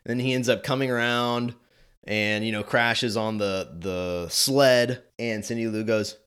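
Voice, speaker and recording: A man in his twenties giving chatty movie commentary, animated and quick to laugh. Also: mid-range voice, smooth. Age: 20s. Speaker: video host.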